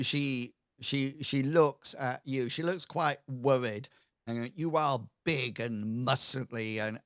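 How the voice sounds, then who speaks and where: A man running a tabletop game as game master, talking in a halting way with many pauses and restarts. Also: mid-range voice, a bit bright, dry recording, clean studio sound. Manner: halting, full of ums and restarts.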